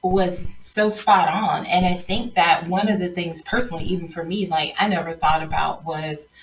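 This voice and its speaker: A woman's voice: on the low side, steady tone, normal speed. A young adult woman from Georgia hosting a casual interview, chatty and laughing often, with many fillers. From South Georgia, US. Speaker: podcast host. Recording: distant mic with faint noise.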